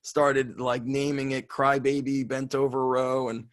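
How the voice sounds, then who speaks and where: A man who is a strength coach telling a story on an interview in an excitable way, swearing and laughing as he goes. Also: mid-range voice, unhurried. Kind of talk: animated storytelling.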